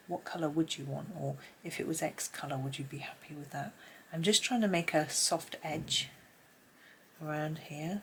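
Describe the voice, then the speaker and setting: A woman giving a casual colouring tutorial at home, chatty and rambling, often dropping into soft asides under her breath. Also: deep voice, vocal fry, slight background noise. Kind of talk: casual colouring tutorial, talking while drawing. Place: home room with pencils scratching on paper.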